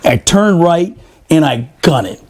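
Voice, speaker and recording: Profane, animated man telling a story. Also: on the high side, measured pace. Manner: profane, animated, laughing often. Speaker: podcast storyteller, former Marine. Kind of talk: casual storytelling.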